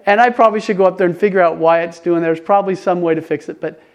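Excitable older male preacher. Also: high voice, fast talker. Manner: animated, excitable, many restarts. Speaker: pastor. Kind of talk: conversational sermon.

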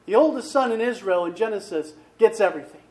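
A man's voice: sits high, lively intonation, fast talker, a little mellow. A man preaching a sermon in a conversational way, often asking his listeners rhetorical questions. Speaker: pastor.

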